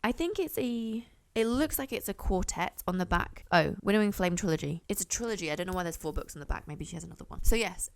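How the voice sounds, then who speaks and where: A young woman chatting casually to camera as a book reviewer, rambling and often correcting herself. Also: fairly low pitch.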